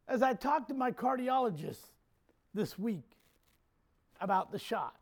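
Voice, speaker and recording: High-voiced male preacher. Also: measured pace, creaky. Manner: animated, swings from quiet asides to loud shouts, jokey. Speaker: pastor. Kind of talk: sermon.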